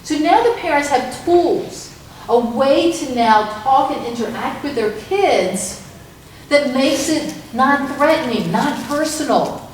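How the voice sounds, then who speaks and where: A woman's voice: high-pitched, lively intonation, slow, slight background noise. A woman leading a parent information night, talking earnestly and rambling with restarts. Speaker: program leader. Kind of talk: presentation to parents. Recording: echoey room from far off.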